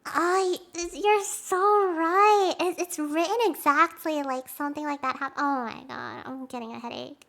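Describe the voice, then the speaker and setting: A young woman streamer chatting with her viewers, rambling excitedly, acting out quotes and laughing often. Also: sits high, measured pace, few pauses. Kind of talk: casual chat with stream viewers.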